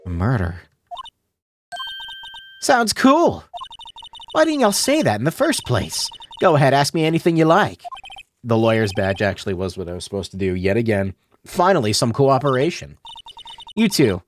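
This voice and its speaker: A man's voice: mid-range voice, very animated, a little hiss or hum, lightly acted. A man streamer voicing a brash young Southern woman in a game, with a put-on Southern drawl and a folksy scolding manner. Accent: put-on American Southern drawl. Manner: sassy, folksy, quick to scold. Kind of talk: streamer reading game dialogue aloud.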